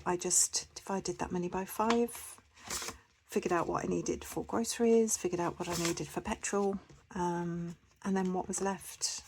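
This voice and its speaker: A woman's voice: on the low side, background noise. A woman chatting casually to camera as a budgeting vlogger, rambling with lots of fillers and restarts.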